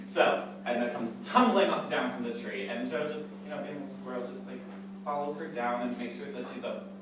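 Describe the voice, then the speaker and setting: A man's voice: mid-range voice, brisk. A man in a theatre workshop playfully improvising a silly story. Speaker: workshop participant. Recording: echoey room, distant mic, loud background noise.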